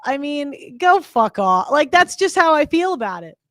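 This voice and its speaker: A woman hosting a commentary show, talking in an emphatic, exasperated way with halting restarts. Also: high-pitched, sing-song, a bit bright, no echo. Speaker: commentary host reacting to clips. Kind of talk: casual reaction commentary.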